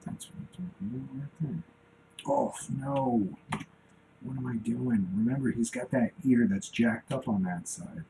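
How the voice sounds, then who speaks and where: A man's voice: mid-range voice, measured pace, creaky, noisy background. A man in his forties chatting casually on a live stream while he draws, rambling and talking to himself as he works. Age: 40s. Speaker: cartoonist streaming while drawing.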